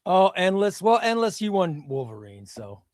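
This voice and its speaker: Excitable high-voiced man hosting a stream. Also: normal speed. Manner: excitable, shouts names then drops to muttering. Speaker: live stream host. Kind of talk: casual live-stream giveaway commentary.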